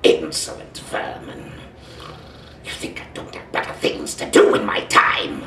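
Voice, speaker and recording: A man voicing a proud, snarling dinosaur robot warrior who hisses his words slowly and haughtily. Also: a bit bright, echoey room, far from the mic, close to an everyday voice. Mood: haughty disdain. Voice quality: hissing, drawn-out and haughty.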